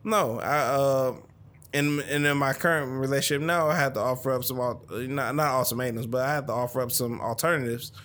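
A man in his thirties co-hosting a casual podcast. His voice is bright and has an edge to it. He talks in loose, profane banter and breaks into laughs often. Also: mid-range voice, fairly quick. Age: 30s. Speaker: podcast co-host.

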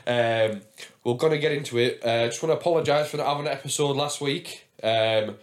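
A man's voice: medium pitch, fairly quick. Man, podcast host, casual chat, swears a lot, laughs at himself. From England.

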